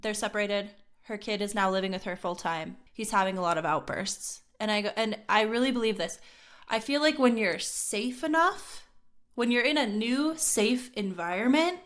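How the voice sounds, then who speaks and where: Earnest woman co-hosting a casual podcast. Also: mid-range voice. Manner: earnest, many "like" fillers. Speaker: podcast co-host. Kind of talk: casual chat.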